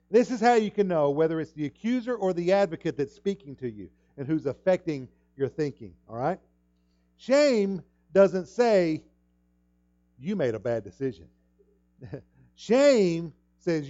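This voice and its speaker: A man preaches a sermon with a slightly raised pitch, hammering his points through repetition. His voice leaps up loud and high on key words. The recording sounds muffled and lo-fi. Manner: emphatic, repeats words, sudden loud rises in pitch. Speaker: pastor.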